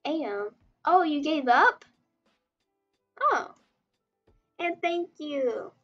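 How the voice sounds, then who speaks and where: Brief: high-pitched woman, giggly rambling livestream chat while drawing, slightly muffled, soft music underneath. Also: lively intonation, slow pace. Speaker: webtoon artist streamer.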